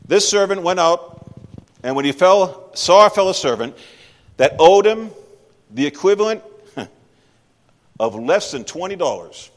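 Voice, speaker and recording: A man's voice: sits high, animated, measured pace, pauses often. A man preaching a sermon in a church, speaking conversationally and emphatically and putting questions to the congregation. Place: church sanctuary. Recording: long hall reverb.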